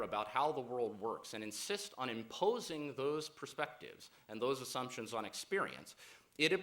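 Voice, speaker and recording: A man giving a keynote speech to a conference audience, measured and deliberate, with frequent "uh" fillers. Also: medium pitch, fairly bright tone. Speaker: keynote speaker.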